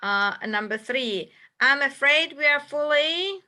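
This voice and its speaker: A woman's voice: high-pitched, lively intonation, slow, bright, forceful tone. A woman teaching a classroom English lesson, patiently checking answers one by one and repeating them. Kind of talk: classroom instruction.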